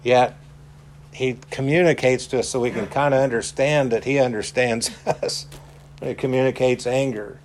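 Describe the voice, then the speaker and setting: A man preaching a sermon in a deliberate way, stressing his points by repeating key words. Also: medium pitch, steady tone, a little hiss or hum. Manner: slow, deliberate, emphatic repetition.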